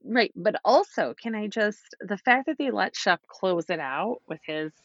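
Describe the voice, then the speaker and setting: A woman's voice: medium pitch, lively intonation, unhurried, a bit bright, no room sound, muffled recording. A woman co-hosting a podcast in casual chat, speaking emphatically and indignantly. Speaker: podcast co-host.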